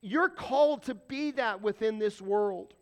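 A man preaching a sermon as pastor, animated and conversational, often putting questions to the congregation. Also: high voice, a little slow.

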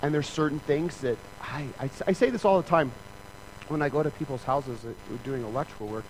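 A man's voice: mid-range voice, a little fast, a little hiss or hum, poor audio. A man preaching a sermon in a church, talking in a conversational, joking way and acting out other people's lines. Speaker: pastor.

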